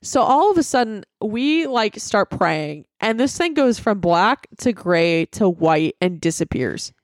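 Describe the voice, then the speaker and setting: Young woman co-host, lively swooping pitch, dry close sound, profane storyteller. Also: unhurried, no room sound. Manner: animated, profane, acts out quotes. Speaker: podcast co-host. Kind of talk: casual storytelling chat.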